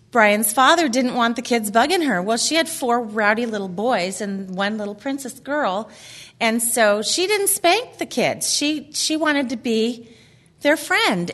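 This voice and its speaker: A woman's voice: on the high side, a bit bright. A middle-aged woman giving a casual faith talk to a group, chatty and laughing often as she reads quotes aloud. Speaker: women's ministry speaker.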